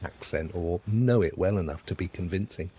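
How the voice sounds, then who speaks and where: A man's voice: low voice, normal speed, mellow, a little hiss or hum. A middle-aged man hosting a game stream, chatting and rambling as he plays. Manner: chatty, rambling, self-correcting. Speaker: gaming streamer host. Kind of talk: casual gameplay commentary.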